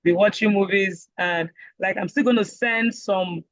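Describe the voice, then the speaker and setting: Lively Nigerian woman teaching, muffled audio. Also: mid-range voice, a little slow, no echo. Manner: lively and joking, acts out quoted voices. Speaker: IELTS speaking instructor. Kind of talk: casual online class lecture.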